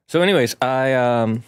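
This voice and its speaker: A man's voice: medium pitch, clear, resonant tone. A man, a game master, chatting casually on his live stream from his home room, with showy greetings and chatty asides.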